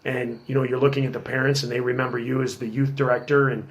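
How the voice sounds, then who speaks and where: A middle-aged man telling stories in a casual podcast chat, working as a police officer, animated and acting out quotes. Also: medium pitch, quick pace. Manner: animated storyteller, acts out quotes in a raised voice.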